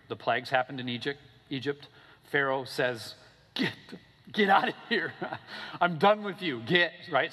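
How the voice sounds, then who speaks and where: A man preaching a sermon in a casual, animated storytelling way, often checking in with "okay?" and "right?". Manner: animated storytelling, acting out characters with big pitch swings. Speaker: pastor. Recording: long hall reverb.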